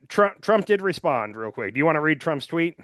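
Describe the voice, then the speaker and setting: A man's voice: fairly high pitch, very animated, normal speed, a bit bright, no echo, clean studio sound. A man co-hosting a podcast who chats casually about politics, rambling and filling his talk with "like" and "um". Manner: loose and rambling, heavy on "like" and "um". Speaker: podcast co-host.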